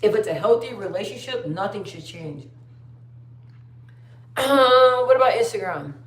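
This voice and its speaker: A woman's voice: medium pitch, expressive, measured pace. A young woman chatting casually on a livestream, telling stories and reading viewer comments aloud. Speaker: livestream host. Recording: roomy sound, distant from the mic.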